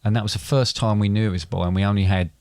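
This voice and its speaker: Low-voiced middle-aged man, rambling chat. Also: fairly even intonation, a little mellow, no room sound, clean studio sound. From England. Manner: rambling, halting with many restarts and fillers. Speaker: podcast co-host, father. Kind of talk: casual chat.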